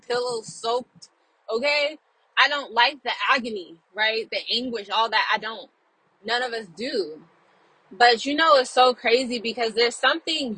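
A woman's voice: a little high, pushed and bright, slightly rough, dry recording, low-quality recording. A young woman talking casually to her viewers about faith, earnest and encouraging, repeating phrases and checking in with "right?" and "okay?". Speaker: Christian video creator.

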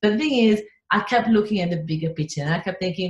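A woman with an Italian accent, a business coach telling stories in a podcast interview, animated and laughing often. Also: on the low side, fast talker, reverberant. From Italy.

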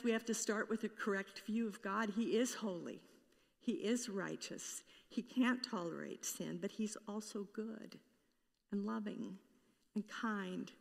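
A woman's voice: medium pitch, creaky, in a large hall. A woman pastor preaching a sermon in an earnest way, now and then acting out the voices she quotes.

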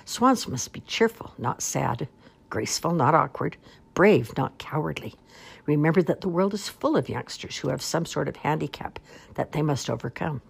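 A woman's voice: deep voice, vocal fry, breathy edge, heavily acted. A woman voicing a pompous, long-winded male swan father who makes grand, flowery speeches in a storybook reading.

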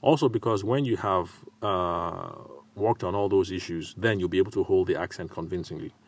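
Low-voiced man giving advice. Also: husky. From Nigeria. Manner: measured and advisory, with frequent filler pauses. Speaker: podcast host. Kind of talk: solo advice podcast.

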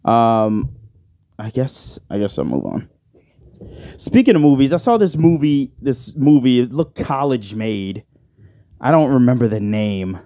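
His mid-range voice swings widely in pitch at a measured pace, warm in tone with no echo. On his one-man podcast he rambles casually, joking, cursing a lot and saying "bro" frequently into a side-address studio microphone.

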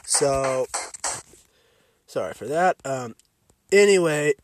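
A man's voice: mid-range voice, expressive, slow. A man hosting a podcast, giving a blunt film review full of profanity and emphatic restarts. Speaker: podcast host reviewing films.

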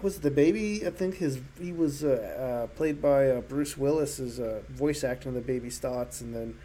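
A man in casual group chat, hesitant and filling pauses with uh. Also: medium pitch, warm tone. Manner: hesitant, many uh fillers.

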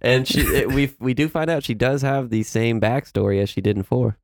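A man's voice: medium pitch, brisk, no echo. A man casually recapping a horror film with friends, rambling and laughing, acting out characters' lines. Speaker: podcast co-host. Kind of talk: casual movie recap chat.

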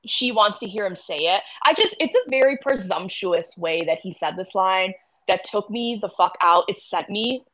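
A woman co-hosting a casual fan recap podcast, excitable, gasping and swearing freely as she talks. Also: medium pitch, normal speed. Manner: excitable, swears a lot, gasps often. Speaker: podcast co-host.

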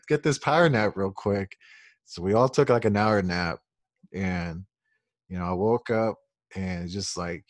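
A young man with a low voice tells a rambling, swear-laden story on a podcast. He acts out what people said along the way. The sound is dry and close, with no room echo. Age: young adult. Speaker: podcast co-host. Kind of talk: casual storytelling.

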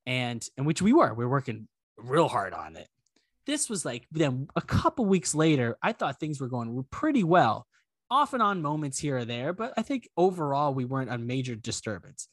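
A man's voice: mid-range voice, moderate pace, no echo, clean studio sound. A young man co-hosting a podcast, telling a story in casual chat, acting out the people in it. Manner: animated, acts out quoted voices, swears casually. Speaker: podcast co-host.

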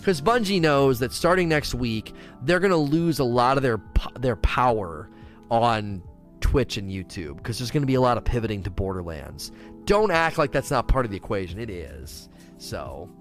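A man ranting and chatting on a casual gaming livestream, reading viewer questions aloud and answering them. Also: medium pitch. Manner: animated, ranting, reads chat questions aloud. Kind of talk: casual gaming stream chat.

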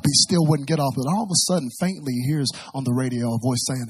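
A man preaching a sermon, telling a story dramatically with big swings in loudness. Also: mid-range voice, quick pace, hardly any pauses, breathy edge.

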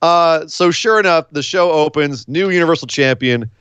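A man co-hosting a casual wrestling talk show, ranting sarcastically and mocking with quick impressions. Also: a little high, fairly bright tone, smooth, dry recording, lo-fi sound. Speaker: podcast co-host. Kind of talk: casual wrestling commentary chat.

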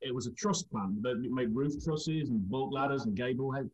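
A man spins long, meandering stories in a relaxed chat and keeps breaking into laughter along the way. His voice sits at a middle pitch. The recording is somewhat dull and lo-fi. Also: normal speed. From England. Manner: rambling, laughs through anecdotes. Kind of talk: casual storytelling chat.

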